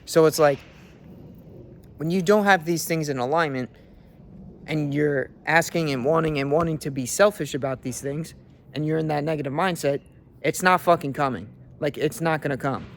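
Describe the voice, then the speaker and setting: A young man with a fairly high voice delivers a brash, profanity-laced motivational rant. He talks like a fitness coach pumping himself up. Faint vehicle noise hums underneath. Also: moderate pace. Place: in a car.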